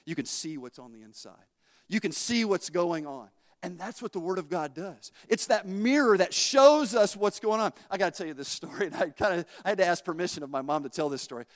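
Male preacher, high voice, animated folksy storyteller, reverberant sanctuary. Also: a little fast. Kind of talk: sermon.

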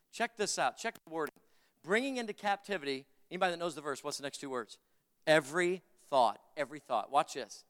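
High, bright-voiced preacher man in a hall. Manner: fervent preaching, repeats phrases, calls for amen. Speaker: pastor. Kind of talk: sermon. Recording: long reverb of a large hall.

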